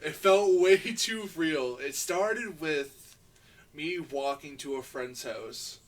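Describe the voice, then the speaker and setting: A man's voice: fairly high pitch, takes it slowly, far from the mic. A man co-hosting a casual podcast, telling stories with frequent laughter and swearing. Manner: laughs often, storytelling, swears. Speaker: podcast co-host.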